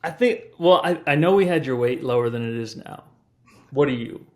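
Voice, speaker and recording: An easygoing man, a personal trainer, talks in a supportive and casual way. His voice sits at an ordinary middle pitch. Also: animated, brisk. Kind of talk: casual chat.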